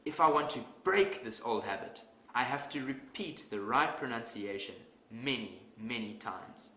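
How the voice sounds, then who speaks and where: Slow, lively-voiced man teaching pronunciation. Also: mid-range voice. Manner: measured, deliberate, emphatic on example words. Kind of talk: scripted instructional talk. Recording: echoey room with faint ambience.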